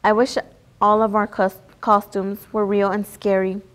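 A woman's voice: mid-range voice, little pitch movement, unhurried, natural voice. Eager young boy hero, as a woman reads him.

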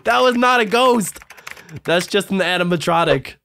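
A young man doing an excited video reaction commentary, yelping, laughing and reading lines aloud in passing. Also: sits high, takes it slowly, vocal fry. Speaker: gaming reaction host.

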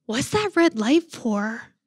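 A woman doing a chatty, curious four-year-old boy, voiced very high. He asks eager questions in a stage whisper that is really louder than his normal voice. The sound is dry and close. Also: very animated, takes it slowly, husky, no room sound, full character voice.

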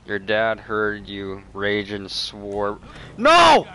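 A man livestreaming a game, chatting casually with viewers, joking, swearing freely, laughing often and shouting at the game. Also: medium pitch, animated, normal speed. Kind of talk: casual gaming livestream chat.

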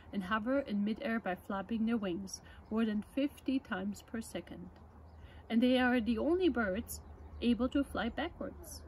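A woman presenting children's books, reading a picture book aloud at story time in a gentle, measured way. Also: fairly high pitch, slight background noise, low-quality recording.

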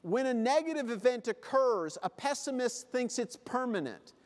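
Man, comic conference speaker, high voice, acts out scenes, long hall reverb. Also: expressive, moderate pace. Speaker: keynote speaker. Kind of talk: motivational conference speech. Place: convention hall.

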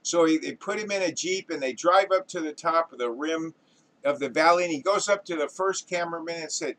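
A man tells a classic joke, building it up with lively storytelling and voicing its characters. His speaking voice sits slightly high for a man. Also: quick pace, poor audio. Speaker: joke teller. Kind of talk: telling a joke.

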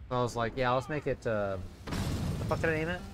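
A man's voice: mid-range voice, animated, brisk, background noise. A young man casually commentating a video game stream, rambling and swearing often.

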